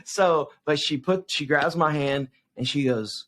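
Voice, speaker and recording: This man, a youth evangelist in his forties, responds to interview questions like an animated storyteller, often tossing in "right?". His fairly high-pitched voice moves at an unhurried pace.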